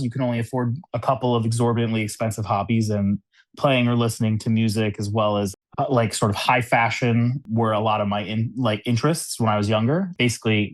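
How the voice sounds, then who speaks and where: Recorded dry, a man with a voice on the low side chats as a podcast guest in New York City. The American cube designer keeps the conversational interview loose, laughing often and saying "like" and "you know" a lot.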